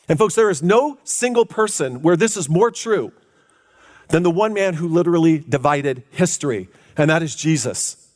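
A man preaching a sermon as pastor, emphatic, stretching key words out for effect. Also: a little mellow. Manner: emphatic, drawn-out preaching with big pitch swings.

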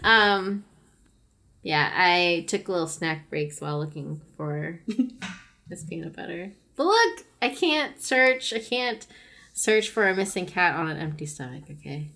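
A woman's voice: on the low side, expressive, measured pace, vocal fry, sharp tone. A woman in casual chat, telling rambling stories and laughing often. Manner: giggly, rambling storyteller.

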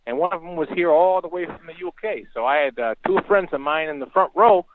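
Folksy Midwestern caller on a tinny line. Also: male voice, a little high, brisk, a little hiss or hum. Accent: American Midwestern. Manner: rambling, folksy, filler-heavy. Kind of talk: casual call-in chat.

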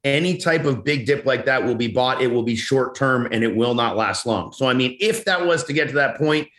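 A man's voice: medium pitch, animated, brisk, fairly bright tone. A man, a guest on a radio talk show, confidently forecasting the housing market with frequent restarts. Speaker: mortgage and investment guest. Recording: roomy echoey sound.

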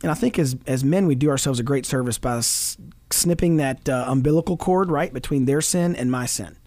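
With a mid-range voice and slightly fast delivery, a middle-aged man on a Christian talk show speaks earnestly about being a father. He's animated and preachy, quotes scripture, and laughs a lot. The recording is dry.

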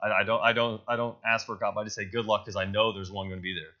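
Racing through his sermon at a church service, a pastor addresses the congregation conversationally and loosely, fixing his own wording as he goes and asking "right?" to check in. His voice is on the low side with a steady tone, and the highs in the recording are cut off.

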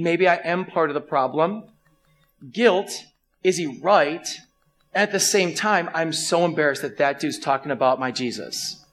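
A man preaching a sermon in a storytelling way, impassioned, moving from loud bursts to hushed lines. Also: sits high. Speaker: pastor.

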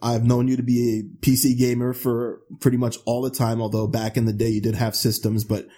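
A man's voice: medium pitch, monotone, fairly quick, mellow. A man hosting a casual podcast interview, teasing his guest with joking banter. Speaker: podcast host interviewing a cast member.

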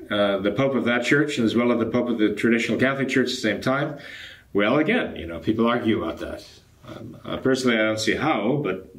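An older man, a traditionalist Catholic priest, answering a viewer's question in a measured, explanatory way with frequent hesitations. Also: mid-range voice. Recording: echoey room.

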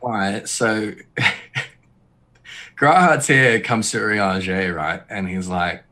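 A man's voice: fairly low pitch, slow pace, long pauses, sharp tone, a little hiss or hum. A man co-hosting a casual talk show, joking and rambling, dropping into goofy voices. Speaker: podcast co-host. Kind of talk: casual chat.

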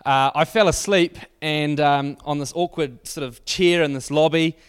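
A man's voice: fairly high pitch, steady tone, moderate pace, clean tone. A man preaching to a church audience, telling a wry anecdote loosely with fillers and restarts. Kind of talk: storytelling sermon.

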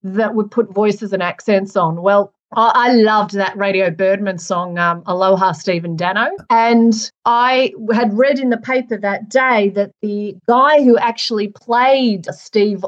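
An Australian woman, an author and former radio DJ, chatting in an interview and telling lively stories. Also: mid-range voice, measured pace, few pauses, highs cut off. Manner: lively storyteller, laughs through anecdotes. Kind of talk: casual interview chat.

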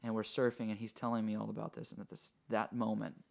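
A man's voice: lowish voice, completely flat delivery, fast, vocal fry. A man hosting a podcast, telling a personal story in an earnest, reflective way. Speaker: podcast host. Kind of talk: conversational storytelling.

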